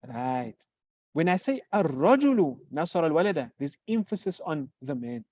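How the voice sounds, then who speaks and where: A teacher giving a grammar lesson who poses questions and answers them, repeating example phrases slowly. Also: mid-range voice, dark tone, no echo. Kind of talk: classroom lecture. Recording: dull lo-fi recording.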